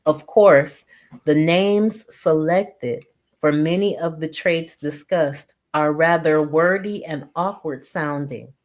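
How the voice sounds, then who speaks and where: A woman with a low voice reads a text aloud slowly, pausing between phrases and adding her own comments as she goes. Her delivery is unhurried and deliberate. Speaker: reader and teacher.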